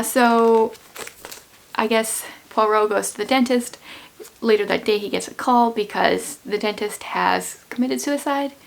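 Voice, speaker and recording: Hoarse, gravelly woman chatting about books. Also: a little high. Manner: chatty, rambling, offhand. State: losing her voice, hoarse. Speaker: book vlogger. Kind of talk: casual book chat.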